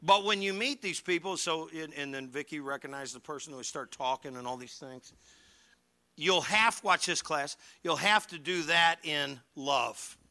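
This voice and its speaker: Gravelly, bright-voiced pastor preaching. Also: male voice, a little high, normal speed. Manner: animated, joking with the congregation, swings between loud and hushed. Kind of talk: sermon. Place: church hall.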